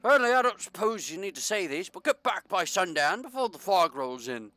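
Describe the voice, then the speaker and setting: A man's voice: sits high, very animated, fairly quick, bright, forceful tone, no room sound, soft background music, pitched above the performer's own voice, full character voice. A man reading game dialogue aloud as a short, officious harbor-town mayor, in a theatrical put-on British accent.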